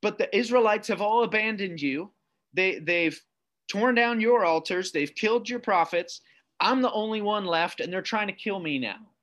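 A preacher doing a whining old prophet. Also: male voice, high-pitched, lively intonation, normal speed, a bit bright. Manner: whining, self-pitying complaints. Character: whining weary male prophet complaining to God.

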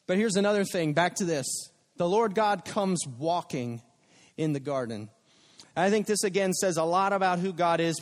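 Male pastor, slightly high voice, casual conversational preaching, long hall reverb. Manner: conversational preaching with acted-out quotes. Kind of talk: sermon.

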